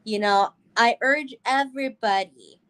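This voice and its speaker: A woman co-host with a somewhat high voice who speaks earnestly on serious topics. She rambles through fillers and restarts as she works out her point. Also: a little slow, fairly bright tone. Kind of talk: casual chat.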